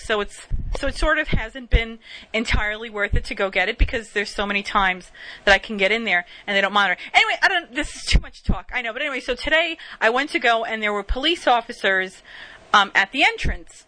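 A woman talks in a loose, rambling monologue, circling back and losing her thread as she tells stories from her day. Her voice sits a little high and sounds bright, and she laughs at herself and swears freely along the way. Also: slight background noise, low-quality recording. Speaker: vlogger telling stories. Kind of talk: casual monologue, storytelling.

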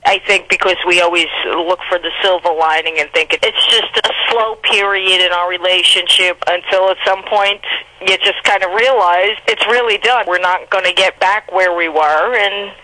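A woman's voice: on the low side, moderate pace, sharp tone, no echo, low-quality recording. A woman on a talk radio show, speaking in a reflective, matter-of-fact way.

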